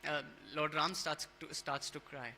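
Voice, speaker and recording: A man leading a temple scripture class, telling a devotional story in a casual, halting way, with many fillers and restarts. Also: fairly high pitch, little pitch movement, bright, forceful tone, a little hiss or hum, low-quality recording.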